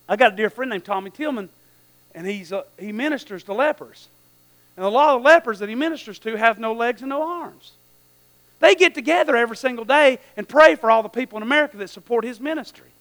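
A man delivers a sermon in an unusually high, bright and forceful voice. His delivery is folksy and animated, with frequent calls of amen and bursts of shouting at the high points. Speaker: preacher.

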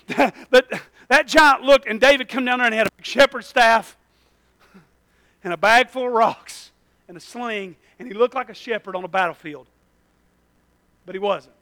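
A man preaching in a very high, bright voice. He is emphatic and repeats his phrases, swinging between loud bursts and near-hushed asides. The recording sounds close and dry. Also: normal speed, long pauses, dry recording. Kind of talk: sermon.

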